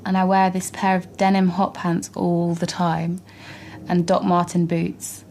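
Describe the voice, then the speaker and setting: A woman's voice: lowish voice, little pitch movement, unhurried, a little mellow, slight background noise. A woman, an actress, chatting in an interview in a bubbly, slightly flustered way. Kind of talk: interview chat.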